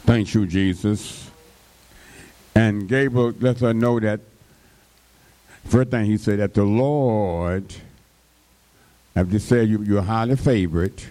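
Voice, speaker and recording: A man's voice: fairly low pitch, warm tone. A man preaching a sermon, drawing out his words and breaking in with frequent call-and-response interjections to the congregation.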